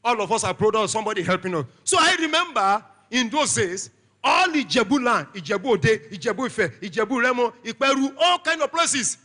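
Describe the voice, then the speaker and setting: High, bright-voiced Nigerian preacher. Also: male voice, big pitch swings, brisk. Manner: shouting, call-and-response preaching. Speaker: pastor. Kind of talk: sermon. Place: church.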